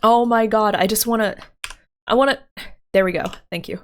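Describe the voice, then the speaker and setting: A woman's voice: on the high side, moderate pace. A woman streamer chatting casually and thinking aloud as she works, with frequent giggles and fillers. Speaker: livestreamer. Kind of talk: casual livestream chat.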